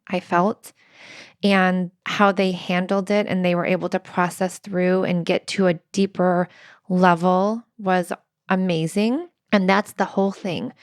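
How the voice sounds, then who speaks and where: A woman's voice: on the low side, no echo, clean studio sound. A woman co-hosting a relationship podcast, telling earnest personal stories with quoted dialogue. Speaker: podcast co-host. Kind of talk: relationship advice conversation.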